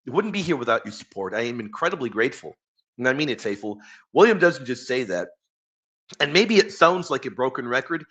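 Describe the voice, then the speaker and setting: A man's voice: medium pitch, fairly bright tone. A man hosting a live stream, chatting casually and enthusiastically with viewers and reading quotes aloud.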